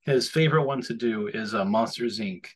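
A man co-hosting a podcast, rambling in casual chat and slipping into animated voices when he quotes people. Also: medium pitch, normal speed, husky. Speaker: podcast co-host.

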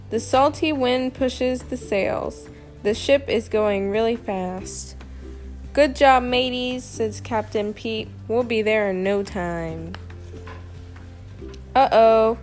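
Slow, expressive woman reading a picture book. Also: fairly high pitch. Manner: slow, expressive reading with lively character lines. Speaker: storybook reader. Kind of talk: children's picture book read-aloud.

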